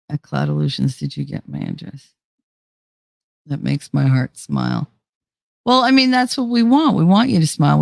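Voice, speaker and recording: Chatty, laughing woman with a low voice. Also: creaky, darkish tone, no room sound, studio quality. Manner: chatty, laughs often, swears freely. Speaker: livestream host. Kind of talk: casual livestream chat reading comments.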